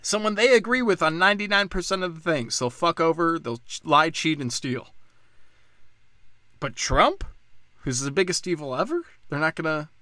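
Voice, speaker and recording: A man's voice: fairly high pitch, animated, moderate pace, no room sound. Sarcastic ranting man, dry close sound. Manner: sarcastic, mocking, swings from loud outbursts to muttering. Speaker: political commentator. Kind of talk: profane political rant.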